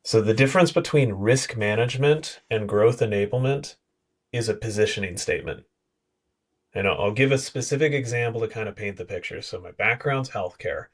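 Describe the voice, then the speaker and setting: A man's voice: on the low side, fairly quick. A man appearing as a podcast guest, explaining with detailed examples and blunt asides. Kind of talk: conversational podcast discussion.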